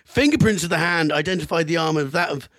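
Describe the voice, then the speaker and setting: A man's voice: a little high, animated, quick pace, fairly bright tone, no room sound. Dry-voiced man telling a story. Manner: storytelling, swearing, amused. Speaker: podcast co-host. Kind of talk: casual chat, reading out history.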